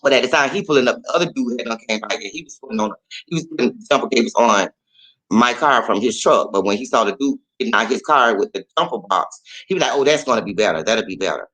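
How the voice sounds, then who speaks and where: A man with a bright, forceful voice tells a story in a loose, casual way. He swears freely and acts out every quoted line with sudden jumps in pitch. His middle-range voice keeps the telling lively. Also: quick pace, low-quality recording. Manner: animated and profane, acting out quotes with big pitch jumps. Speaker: host.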